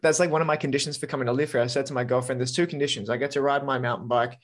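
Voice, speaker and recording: An enthusiastic young man talks casually as a podcast guest. His voice sits at a middle pitch, and he gushes in quick bursts, swearing freely as he gets excited. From Australia. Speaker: podcast guest, metal musician.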